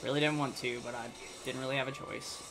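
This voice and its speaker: A man's voice: mid-range voice, level tone, fast. A man hosting a gaming channel, giving casual let's-play commentary and thinking aloud to himself in a muttering way. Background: faint game music.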